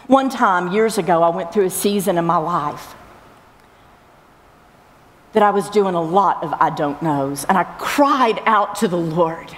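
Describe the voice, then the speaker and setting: A woman's voice: fairly low pitch, unhurried. Middle-aged woman, camp speaker, earnest testimony, reverberant hall. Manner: earnest, repeats phrases for emphasis. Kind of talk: personal faith testimony.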